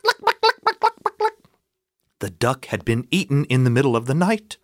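A man from South Carolina, telling a story and breaking into high squawking bird noises. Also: no room sound, studio quality.

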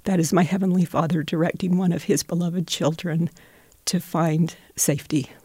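A woman's voice: on the low side, fairly even intonation, normal speed, warm tone, breathy edge, no echo, studio quality. A middle-aged woman volunteering with refugees, telling heartfelt, devout stories in an interview and getting emotional. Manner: heartfelt, tearful at moments, devout. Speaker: refugee donation center volunteer.

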